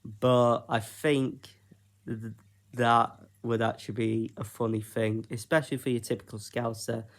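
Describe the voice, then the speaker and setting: A man from Britain talking through his own ideas in a casual solo vlog, unhurried and hesitant, with plenty of ums and pauses. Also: medium pitch, flat delivery. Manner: unhurried, hesitant, with frequent fillers. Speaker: YouTuber.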